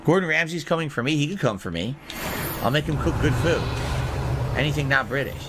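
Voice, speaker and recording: A man's voice: a little high, lively intonation, brisk, heavy background noise. A man hosting a live stream, ranting in a mocking, worked-up way while reading chat. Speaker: streamer host.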